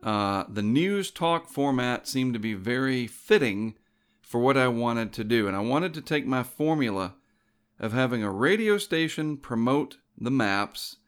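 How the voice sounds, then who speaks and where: Medium in pitch, animated yet at a measured pace, this middle-aged man's voice is clear and resonant. As a show host, he casually recounts a personal story that wanders and keeps correcting itself.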